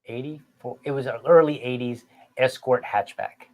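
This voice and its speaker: A middle-aged man hosting a podcast, telling a family story in an animated, self-mocking way and talking straight to his listeners. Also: mid-range voice, moderate pace, lo-fi sound. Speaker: podcast host. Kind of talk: casual storytelling chat.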